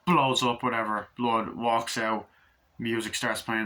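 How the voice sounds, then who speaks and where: Man, bright tone, casual movie review, rambling, filler-heavy, profane, acts out lines. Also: medium pitch, level tone, moderate pace, rough recording. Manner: rambling with many fillers and swearing; acts out characters' lines while retelling scenes.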